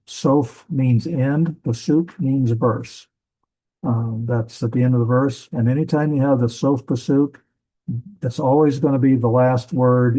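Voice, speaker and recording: A man's voice: medium pitch, dark tone, poor audio. A man teaching a class on biblical language, explaining step by step with frequent fillers and restarts. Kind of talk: classroom lecture.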